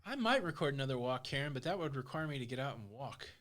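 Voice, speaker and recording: Male host, casual live-stream banter, animated and teasing. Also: mid-range voice, fast. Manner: joking, teasing, reads viewer comments aloud. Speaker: cruise vlogger hosting a live stream.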